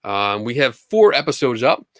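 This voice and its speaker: A man's voice: mid-range voice, big pitch swings, moderate pace, fairly bright tone, no echo. Upbeat man chatting on a livestream, dry sound. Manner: upbeat and enthusiastic, chatty with frequent restarts. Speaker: host of a live Q&A stream. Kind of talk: casual livestream chat.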